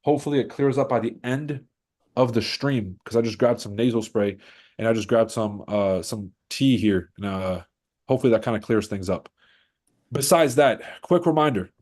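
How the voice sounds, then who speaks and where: A man's voice: on the low side, normal speed, darkish tone. Stuffed-up man hosting a trading stream. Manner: brash, hype-man boasting. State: stuffed-up nose. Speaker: trading livestream host. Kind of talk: casual livestream commentary.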